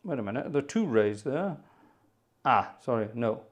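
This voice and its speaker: A man's voice: medium pitch, very animated, normal speed. A chatty man hosts a live organ music stream in a mid-range voice. He narrates what he is doing as he goes and mutters exasperated asides under his breath. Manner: chatty, narrating his own tech troubleshooting. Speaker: organ music livestream host. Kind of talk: casual live-stream chat.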